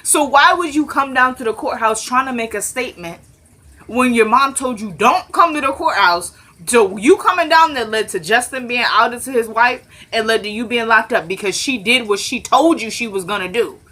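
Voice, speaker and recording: A woman's voice: on the high side, normal speed, pushed and bright. A woman giving a casual, chatty and opinionated recap of a TV episode, talking straight to her viewers.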